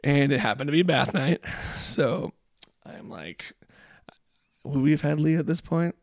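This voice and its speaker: Gravelly-voiced man telling a dad story. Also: on the high side, measured pace, no echo, clean studio sound. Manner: rambling and reflective, many fillers. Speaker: podcast co-host; father. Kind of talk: casual storytelling chat.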